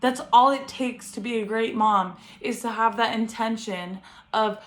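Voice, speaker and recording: Earnest young mom talking to camera. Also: female voice, a little high, unhurried. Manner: earnest, encouraging, laughs often. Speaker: vlogger, first-time mom. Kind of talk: heartfelt vlog talk to camera. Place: home bedroom with ring light.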